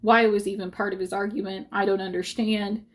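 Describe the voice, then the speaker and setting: A woman's voice: medium pitch, level tone, a little fast. Woman vlogging to her viewers, rambly, lots of um and like, upset and on the defensive. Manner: rambling, frequent fillers and self-corrections. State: close to tears at times. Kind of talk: casual talk to viewers.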